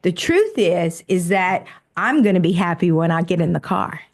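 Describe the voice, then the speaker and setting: A woman coaching a guest, affirming him often and acting out inner voices in quick quoted asides. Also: lowish voice, expressive. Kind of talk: live coaching session.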